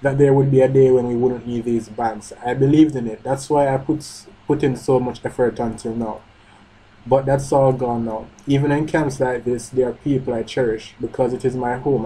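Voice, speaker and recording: A man with a husky, dark voice reads manga panels aloud in a live reaction. He moves between reading the lines and cutting in with blunt, sweary remarks of his own. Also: medium pitch, fairly even intonation, moderate pace, low-quality recording. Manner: reads panels aloud, breaks off to comment, swears and shouts in outrage.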